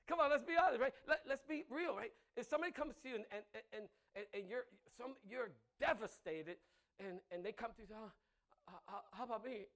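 High-voiced animated male preacher. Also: moderate pace. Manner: animated, swings from loud exclamations to quiet asides, asks the audience "right?". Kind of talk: sermon.

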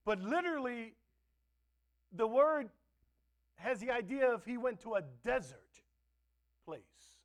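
A male pastor preaching a sermon, swinging between loud emphatic words and soft, quiet asides. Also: very high voice, animated, takes it slowly, long pauses. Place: church.

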